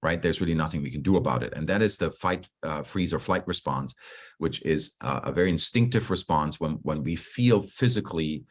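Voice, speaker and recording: A man coaching a group on stress in a relaxed, conversational way over a video call, often restarting his sentences and acting out his own inner dialogue. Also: a bass voice, brisk. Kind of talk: online talk on stress.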